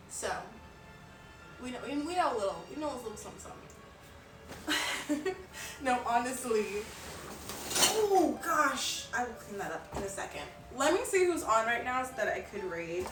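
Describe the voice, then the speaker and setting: A woman's voice: a little high, expressive, normal speed, pauses often, distant mic. A young woman chatting casually on a live stream, rambling and giggling with lots of filler words. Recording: roomy, off-mic, music behind.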